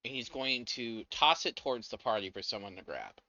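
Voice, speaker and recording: A man as game master describing events at a tabletop game in an animated way. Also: mid-range voice, brisk, dry recording, lo-fi sound.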